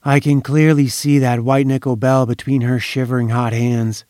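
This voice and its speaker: A man's voice: mid-range voice, level tone, normal speed, a little mellow, no echo, clean studio sound. Man reading a solemn story. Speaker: narrator. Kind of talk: scripted narration of a story read aloud.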